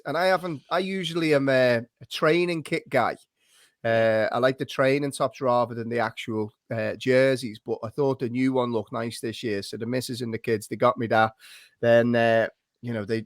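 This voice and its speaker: A man's voice: medium pitch, no echo. Brief: dad-aged man, podcast host, easy jokey banter, dry close sound. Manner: chatty, jokey, leads the talk. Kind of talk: casual chat.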